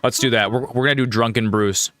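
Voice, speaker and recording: A man's voice: mid-range voice, fairly even intonation, fast talker. A man hosting a casual let's play, chatty and enthusiastic, with lots of restarts and fillers. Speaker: gaming channel host. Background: faint music.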